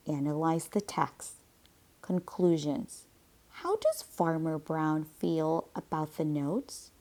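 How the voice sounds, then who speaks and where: A woman teacher reading a picture book aloud slowly and deliberately, pausing for comprehension questions. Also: sits low, a little mellow. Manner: slow, deliberate read-aloud.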